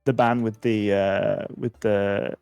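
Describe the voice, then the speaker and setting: Brief: mid-pitched jokey game master, dry close-mic voice. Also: flat delivery, takes it slowly, darkish tone, clean tone, no echo, muffled recording, faint music behind. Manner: jokey, punning, laughs often. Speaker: stream host and game master. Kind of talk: casual stream chat.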